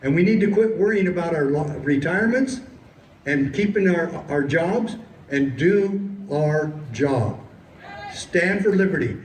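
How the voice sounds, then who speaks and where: A man with a high voice delivers a fiery, preachy outdoor speech, leaning hard on key words as he tells his story. His voice rings with echo and reaches the mic from some distance. A faint hum of noise sits underneath. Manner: impassioned storytelling, emphatic and preachy. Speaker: sheriff and political activist. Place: outdoors at a city hall.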